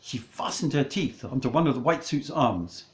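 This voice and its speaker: A man narrating a comic storybook in a mock-dramatic, deliberate way. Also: mid-range voice, expressive, roomy sound, poor audio.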